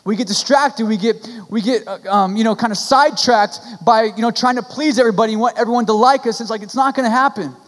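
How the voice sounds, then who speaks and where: A man's voice: very high voice, fast, hardly any pauses. A young man preaching a sermon as pastor, earnest and pleading, with frequent restarts and casual fillers. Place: church sanctuary. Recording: church hall with long reverb.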